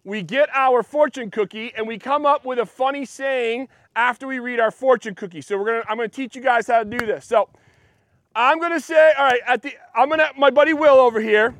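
A pastor with a very high voice gives a relaxed, joking sermon and chats with his congregation. The sound is dry and close, with no room echo. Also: a little fast. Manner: chatty, joking, talks to the congregation. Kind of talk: casual sermon. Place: church.

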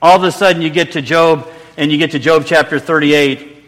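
With a slightly high, steady, bright voice and a fairly quick delivery, a middle-aged male pastor gives an earnest, conversational sermon in a church sanctuary. He restarts lines and tosses in humble jokes about himself, and the big hall adds long reverb.

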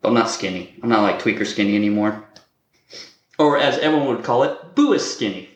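A man's voice: on the low side, expressive, a little fast, reverberant. A man co-hosting a podcast in casual banter, joking around, laughing often and swearing casually. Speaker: podcast co-host.

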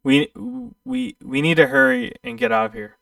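A man's voice: very high voice, sing-song, moderate pace, gravelly, a bit bright, no room sound, distant mic, full character voice. A man voicing nervous fleeing cultists in a tabletop game, talking anxiously and hesitantly.

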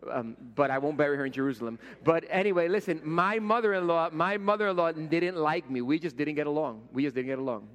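A middle-aged man from Rico, preaching a sermon as pastor and telling stories, swinging from loud to hushed and repeating words. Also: a little high, fast, few pauses. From Puerto Rico. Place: church sanctuary. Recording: long reverb of a church hall.

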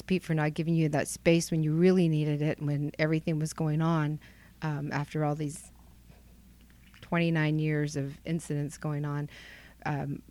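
Low-voiced middle-aged woman, candid and reflective. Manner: candid and reflective, with frequent ums and trailing phrases. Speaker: guest, wife. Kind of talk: reflective podcast interview.

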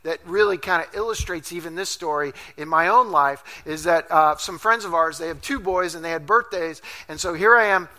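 Bright, high-voiced lively pastor. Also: male voice, brisk, few pauses. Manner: animated, self-deprecating and jokey; laughs often while talking. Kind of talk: storytelling sermon. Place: church service.

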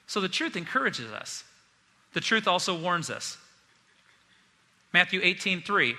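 A man preaching a sermon as pastor, telling stories in a lively, joking way. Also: sits high, unhurried, pauses often, big-room sound.

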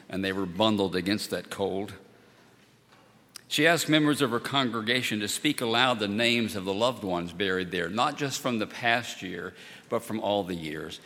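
A male pastor preaching in a measured, solemn way, driving his points home through repetition. His voice sits on the low side but comes across bright and sharp. A long reverb trails behind him through the church. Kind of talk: sermon. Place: church sanctuary.

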